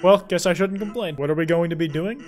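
A man's voice: fairly high pitch, fast, soft background music, lightly acted. A man voicing a laid-back adult male skeleton with a lazy, joking drawl. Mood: easygoing.

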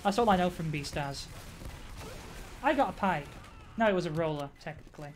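A woman live-streaming a game, chatting casually with her viewers, reacting out loud, swearing and laughing often. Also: lowish voice, lively intonation, brisk, a little hiss or hum. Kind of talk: casual gaming commentary.

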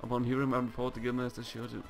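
A man's voice: medium pitch, completely flat delivery, racing, creaky, over loud music, close to an everyday voice. A man voicing a strict, pompous parrot Pokemon who scolds his apprentices in a video game. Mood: stern. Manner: scolding, bossy, hesitant when nervous.

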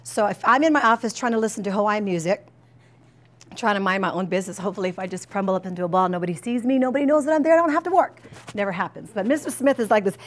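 A woman's voice: medium pitch, quick pace. Chatty, joking woman counselor giving a talk. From United States. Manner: chatty, joking, animated, with fillers. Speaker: college counselor presenting to staff. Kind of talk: informal staff training talk. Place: presentation room, talking to staff.

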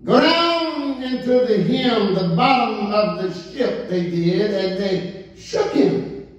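A man preaching a sermon as pastor, drawing out his words and rising into excited calls to the congregation. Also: sits high, slow, dull audio. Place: church sanctuary. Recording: echoey church from far off.

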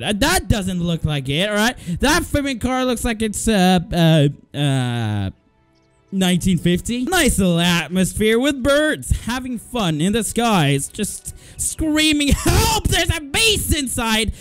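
Young man, let's play commentary, high voice, very lively, loud, joking, swearing, faint game music behind. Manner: loud, joking, swears a lot, laughs often. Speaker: gaming video host.

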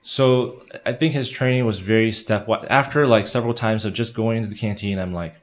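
A man in his thirties, a missionary guest in an interview, telling animated stories with many restarts. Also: fairly low pitch, a little fast. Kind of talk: conversational interview.

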